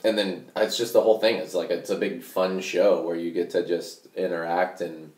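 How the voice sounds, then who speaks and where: A man's voice: deep voice, flat delivery, normal speed, a little mellow. A man chatting casually as a guest on a podcast, laid-back and jokey, often trailing off mid-sentence. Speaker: podcast guest, coffee business owner. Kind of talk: casual chat. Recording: echoey room.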